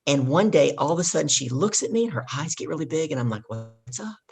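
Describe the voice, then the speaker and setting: Gravelly, husky woman telling a story. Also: sits low, quick pace. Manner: animated storyteller who acts out dialogue. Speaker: business coach, podcast guest. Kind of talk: storytelling interview.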